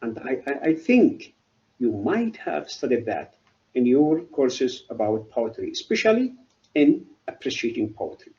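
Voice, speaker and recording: A middle-aged man giving a university literature lecture, halting and often asking then answering his own questions. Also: mid-range voice, big pitch swings, darkish tone, highs cut off. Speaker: literature professor.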